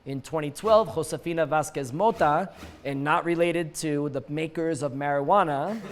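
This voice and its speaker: A man with a fairly high voice hosts a satirical news roundup. He reads each story straight, then slips in wry jokes and laughing asides. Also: moderate pace. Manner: wry, joking asides with chuckles. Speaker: news show host. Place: lives in Mexico City.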